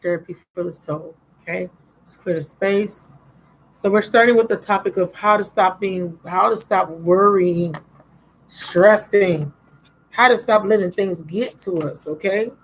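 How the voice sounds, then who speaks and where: A woman with a mid-range, slightly slow voice does a casual live tarot reading, chatting warmly with viewers and sounding a bit drowsy. The audio is poor, captured on a laptop microphone.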